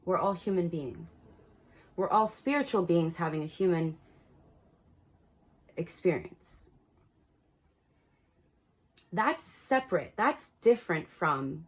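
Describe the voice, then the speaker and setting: A woman's voice: fairly low pitch, expressive, takes it slowly, long pauses. A woman giving a casual spiritual card reading, talking frankly and chattily and laughing at her own slips. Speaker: tarot card reader.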